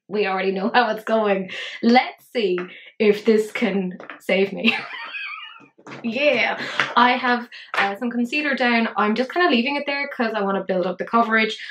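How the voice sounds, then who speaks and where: A beauty vlogger in her thirties chats casually during a makeup tutorial, swearing freely and talking to herself while she works. Her medium-pitched voice is a bit bright, and the audio is poor.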